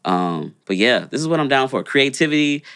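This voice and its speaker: A man's voice: medium pitch, expressive, fairly quick, fairly bright tone, smooth, no room sound, studio quality. A young man co-hosting a podcast, chatting in a laid-back, rambling way with lots of fillers. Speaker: podcast co-host. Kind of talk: casual chat.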